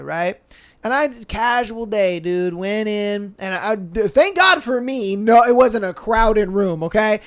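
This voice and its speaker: Laid-back slangy young man. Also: sits high. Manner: slangy and laid-back, heavy with fillers like "bro" and "you know". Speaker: podcast host. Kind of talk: casual chat, reading listener stories aloud.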